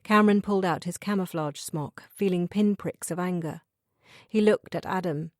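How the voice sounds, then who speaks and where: Woman reading a thriller audiobook, lowish voice, dry close sound, measured. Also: darkish tone, dry recording. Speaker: audiobook narrator. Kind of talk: scripted narration.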